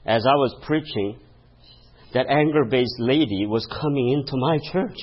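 A man's voice: medium pitch, moderate pace, highs cut off. A male pastor preaching a sermon, telling a story and laughing at his own stories, calling out to the congregation for a response. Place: church.

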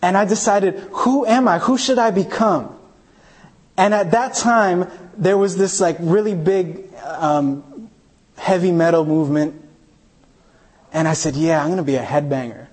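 A man's voice: high-pitched, a little slow. A man preaching a sermon, telling a personal story and acting out the voices of people he quotes. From New York, United States. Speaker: pastor.

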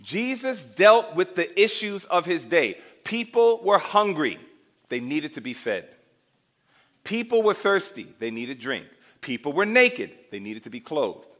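A male preacher delivering a sermon with a high, lively voice that swoops up and down. He speaks dramatically and keeps checking in with his listeners through questions. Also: a little slow. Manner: dramatic, asks the congregation questions, acts out scenes.

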